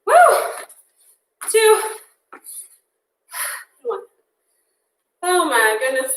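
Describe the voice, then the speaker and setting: Woman fitness instructor, high bright voice, unhurried counting, breathless cheering, echoey room with mic far off. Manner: upbeat cueing, counting down and cheering on. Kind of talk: interval workout class.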